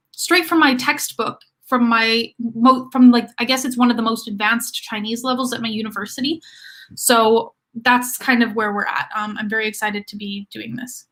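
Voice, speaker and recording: A woman's voice: on the high side, sharp tone. A young woman hosting a casual study livestream, chatty and rambling with lots of fillers, reading out viewer comments as she goes. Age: young adult. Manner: reads comments aloud and answers viewers.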